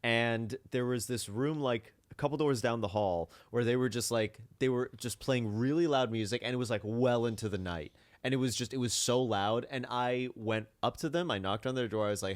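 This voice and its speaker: A man co-hosting a comedy podcast, telling stories in animated casual chat. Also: brisk, no echo. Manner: animated storytelling, jumps high when laughing. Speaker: podcast co-host.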